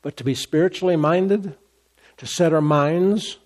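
Animated male pastor preaching a sermon. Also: on the high side, a little slow. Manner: animated preaching, acting out grumbling voices.

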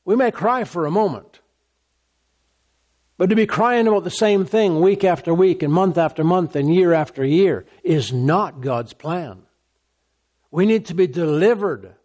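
High-voiced preacher man with repetition. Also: a little mellow. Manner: call-and-response asides, repeats phrases for emphasis; reads scripture aloud, then expounds. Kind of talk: sermon.

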